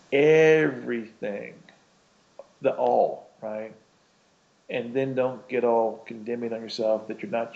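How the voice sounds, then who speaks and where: A man's voice: mid-range voice, gravelly, a little mellow, lo-fi sound. A man preaching a conversational sermon, rambling through a personal story with lots of "you know" and "right?".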